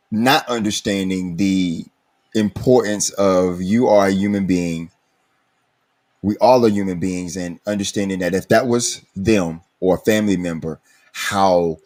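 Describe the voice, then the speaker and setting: Male podcast host, low voice, earnest and reflective. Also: a little mellow. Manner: earnest, reflective, speaks slowly at times. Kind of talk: recovery podcast interview.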